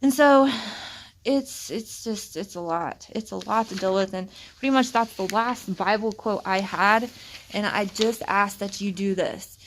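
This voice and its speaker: A woman's voice: medium pitch, unhurried, a little hiss or hum. Earnest woman giving a rambling faith talk. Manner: earnest, rambling, repeats herself. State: freezing cold. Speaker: vlogger sharing faith messages. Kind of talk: casual spiritual talk and Bible reading. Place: outdoors at night, cold.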